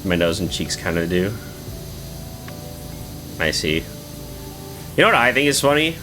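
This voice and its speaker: A man's voice: low voice, big pitch swings, a little slow, over music. A man streaming live, chatting casually with viewers in a rambling, swearing way with lots of filler words.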